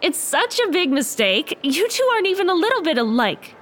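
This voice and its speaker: An actress playing an earnest, exasperated young woman trapped in a magic bag, quick to protest. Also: extremely high pitch, sing-song, fairly bright tone, slight background noise, heavily acted.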